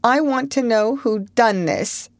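A woman voicing a sour, aggrieved middle-aged farm wife with sharp, plaintive rural speech. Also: lowish voice, sing-song, measured pace, no echo.

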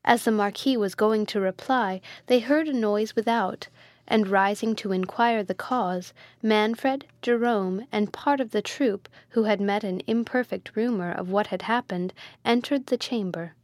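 A woman reads a classic novel aloud in a measured, lightly dramatized way. Her voice sits in a middle pitch, and the recording is dry and close with no room sound. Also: no room sound. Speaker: audiobook reader. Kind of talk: scripted narration of a classic novel.

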